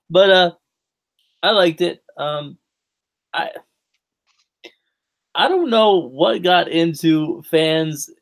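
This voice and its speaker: Male podcast co-host, a touch high and gravelly, loose rambling delivery. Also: expressive, very slow, long pauses. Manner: rambling, many fillers and restarts. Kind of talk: casual chat.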